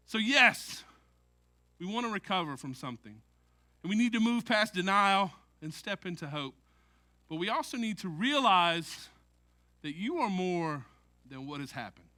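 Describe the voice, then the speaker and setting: Bright, high-voiced male preacher. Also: animated, a little slow. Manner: conversational preaching with jokes and frequent "right?" asides. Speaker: pastor. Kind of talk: sermon.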